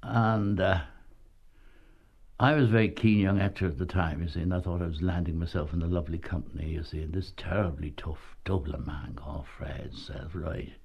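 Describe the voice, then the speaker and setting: Older male ex-actor, low gravelly voice, chuckling anecdotal storyteller. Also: fairly even intonation, moderate pace, darkish tone, highs cut off. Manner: chuckling storyteller, says "you see" often. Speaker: former travelling actor. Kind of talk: anecdotal reminiscence.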